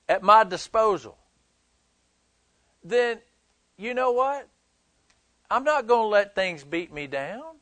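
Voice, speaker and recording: High-voiced man preaching conversationally. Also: fairly bright tone, dry recording. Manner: conversational and emphatic, joking with the congregation. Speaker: pastor. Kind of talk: sermon.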